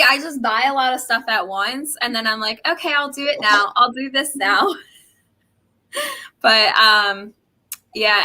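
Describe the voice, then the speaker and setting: A young woman joins a livestream as a guest and talks upbeat about her hobbies, giggling between points. Her voice is very bright and a little high. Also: poor audio. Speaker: guest, sixth grade teacher. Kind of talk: casual livestream chat.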